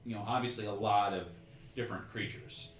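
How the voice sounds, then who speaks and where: A man's voice: lowish voice, fairly even intonation, brisk, a bit bright, roomy sound, slight background noise. Rambling man running a tabletop game. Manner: casual and rambling, many fillers like "like" and "um". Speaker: game master.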